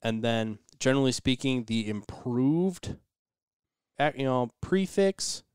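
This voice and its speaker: Guy on a podcast walking through the details, mid-pitched smooth voice, dry close mic. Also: expressive, slow, darkish tone, no echo. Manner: explanatory, lots of agreeing murmurs. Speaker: podcast guest. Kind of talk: casual chat.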